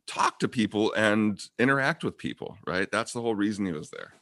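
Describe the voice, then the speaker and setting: A man hosting a casual gaming podcast, an animated storyteller with many fillers. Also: lowish voice, fairly quick, creaky, dry recording, clean studio sound. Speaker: podcast host.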